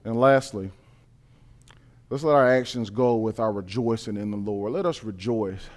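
A man preaching a sermon, reading scripture and building to emphatic, repeated points. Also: normal speed. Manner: builds from calm reading to loud, high-pitched emphatic preaching.

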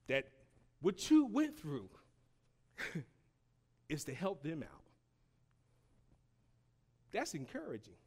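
Impassioned preacher, high lively voice. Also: male voice. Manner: call-and-response preaching, rising to shouts; slow, emphatic phrasing with long pauses. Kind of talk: sermon.

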